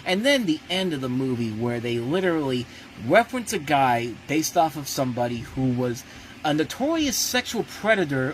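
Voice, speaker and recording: A man's voice: a little high, slight background noise, rough recording. A man giving a casual spoken movie review as host, blunt and ranting, often breaking off and restarting his sentences.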